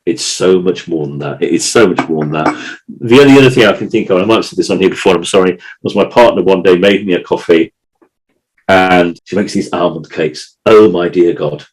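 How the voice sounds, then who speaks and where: A man's voice: low-pitched, fairly quick, rough recording. A man co-hosting a podcast, talking in an emotional, rambling way with many restarts and repeated words. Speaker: podcast co-host. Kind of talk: casual chat.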